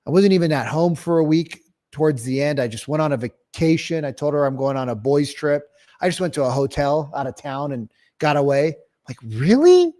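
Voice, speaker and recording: A man giving an energetic real estate sales training talk, acting out calls and clients and swearing casually. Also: on the high side, fairly quick.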